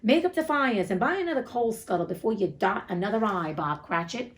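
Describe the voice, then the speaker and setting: A woman voicing a gruff old male miser boss in a storybook reading, growling and stern. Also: mid-range voice, animated, fairly quick, lightly acted. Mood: jovial.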